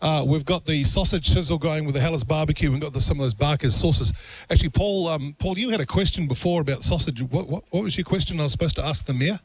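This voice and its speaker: A man's voice: on the high side, quick pace, hardly any pauses, breathy edge, no room sound. A man with a New Zealand accent hosting a live outside radio broadcast, chatty and joking, laughing often.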